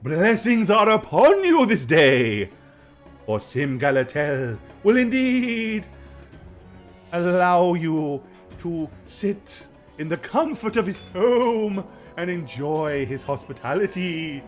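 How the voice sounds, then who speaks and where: A pompous, officious vizier of a wealthy lord, as a game master puts him on, grand and stiffly formal. His voice climbs into a fluttery, lively high register when he is flattered. Faint music plays behind him. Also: slow, heavily acted.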